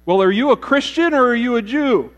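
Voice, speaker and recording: A man voicing an eager, chummy man trying to rescue someone, excited and squeaky. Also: brisk. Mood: gushing. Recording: reverberant hall with mains hum.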